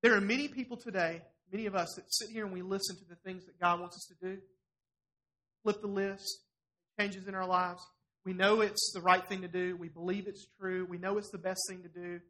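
A middle-aged pastor preaches to his congregation in church, animated and challenging as he voices scripture. His voice is high-pitched and brisk.

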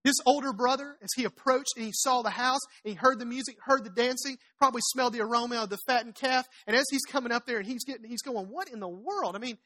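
Woman preacher with a somewhat high voice, animated storyteller who acts out the characters' lines in her sermon. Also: fast talker, hardly any pauses. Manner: chatty asides to the congregation.

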